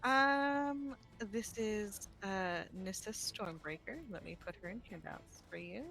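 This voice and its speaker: A woman's voice: medium pitch, slow, vocal fry, fairly bright tone, soft background music, rough recording. A young woman playing a tabletop game, chatty and giggly as she describes her character. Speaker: player. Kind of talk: casual game chat.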